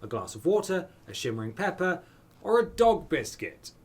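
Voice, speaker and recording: A man's voice: fairly high pitch, big pitch swings, normal speed, slightly rough. A man streaming a dating game, reading the text aloud with playful, wry asides.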